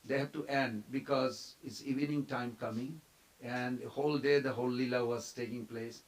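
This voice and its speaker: A man giving a devotional storytelling class at a temple, animated, quizzing his listeners and briefly acting out the figures in the story. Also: mid-range voice, rough recording. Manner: animated, quizzes the audience, acts out quoted figures.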